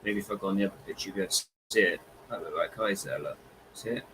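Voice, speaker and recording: A man's voice: low voice, rapid-fire, bright, forceful tone, a little hiss or hum, rough recording. A man, co-hosting a casual live chat and eagerly pointing things out. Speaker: livestream co-host.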